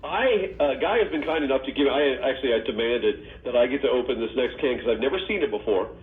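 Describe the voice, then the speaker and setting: Man, radio morning host, jokey, lively pitch, echoey thin phone-like sound. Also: fast, a little hiss or hum. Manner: jokey, lively, laughs often. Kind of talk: casual radio banter.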